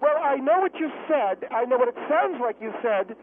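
A man voicing a haughty, combative older woman caller who mocks everyone in a cracking falsetto, heard over a phone line. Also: animated, moderate pace, a little hiss or hum. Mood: snippy. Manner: snippy, mocking, combative. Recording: dry tinny phone line.

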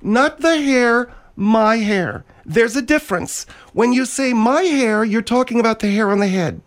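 A man's voice: very high voice, a little fast, pitched above the performer's own voice. A man putting on a prim fussy woman co-host. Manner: prim, easily offended, lecturing.

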